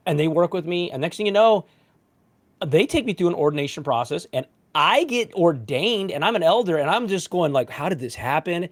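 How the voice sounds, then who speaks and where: A man in his forties, a pastor hosting a casual livestream chat, telling a story with lively, self-mocking asides. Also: high-pitched, brisk. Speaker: pastor and show host.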